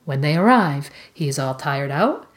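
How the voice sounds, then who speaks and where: A woman with a notably low voice discussing a book on a podcast. She speaks in a measured, thoughtful way and pauses now and then with small fillers. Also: expressive. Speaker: podcast co-host.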